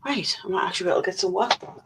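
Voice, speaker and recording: A woman's voice: lowish voice, lively intonation, racing, fairly bright tone, slight background noise, poor audio. Woman reading out live chat comments. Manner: reads viewer comments aloud with dry, jokey swearing. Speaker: stream co-host reading chat. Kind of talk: casual live-stream chat.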